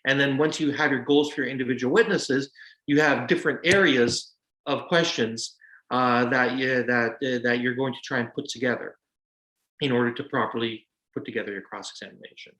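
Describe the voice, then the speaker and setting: A man's voice: medium pitch, steady tone, a little fast, a bit bright. A man in his forties, a lawyer and guest speaker, giving practical advice in a casual, self-deprecating way with many fillers. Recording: roomy echo.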